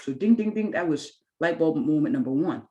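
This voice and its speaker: A woman's voice: deep voice, animated, brisk, mellow, roomy sound, muffled recording. A woman in her thirties, a physician and clinic founder, tells her story with candid earnestness in an interview and acts out her own past thoughts. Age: 30s.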